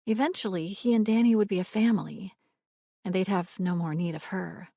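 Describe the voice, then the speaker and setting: A woman narrating a romance audiobook in a measured, expressive reading. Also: mid-range voice, vocal fry, no room sound, studio quality.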